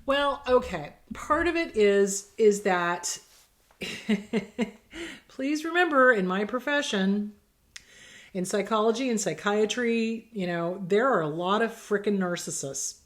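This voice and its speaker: A woman's voice: mid-range voice, expressive, takes it slowly. Blunt, emphatic woman therapist. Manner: blunt, emphatic, acts out quoted exchanges. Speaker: therapist host answering viewer questions. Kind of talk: casual advice talk.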